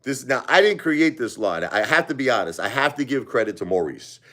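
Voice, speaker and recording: A man's voice: mid-range voice, sing-song, fairly quick, fairly bright tone. Rambling man telling stories on a live stream. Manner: rambling, digressive, frequent "you know" and "right?". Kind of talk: casual storytelling.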